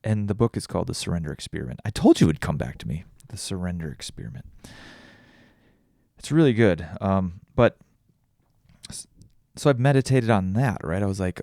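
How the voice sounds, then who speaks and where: A man's voice: sits low, lively intonation, moderate pace, creaky, pauses often, warm tone, no room sound, clean studio sound. A tired man hosting a podcast alone, rambling and thinking aloud with many restarts. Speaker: podcast host. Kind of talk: casual solo reflection.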